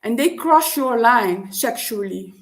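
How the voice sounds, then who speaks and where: A woman vlogger, Dutch by first language, speaks in a slightly high, expressive voice during a reflective personal monologue. She halts often, gropes for words, and restarts her sentences repeatedly.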